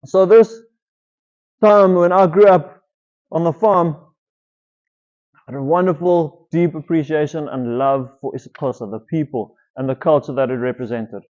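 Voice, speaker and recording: A man's voice: fairly high pitch, moderate pace, a little mellow. South African man talking to students. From Eastern Cape, South Africa. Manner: asks the audience questions. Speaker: teacher giving a talk. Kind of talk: school presentation to students. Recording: muffled lo-fi.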